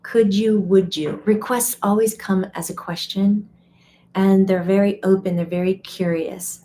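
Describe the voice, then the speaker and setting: A woman speaks casually to her live stream audience in an ordinary mid-range voice. She is chatty and animated, often acting out what other people say and laughing. A faint background noise sits under the recording. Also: medium pitch, unhurried. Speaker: medium and teacher. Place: home or studio, live stream.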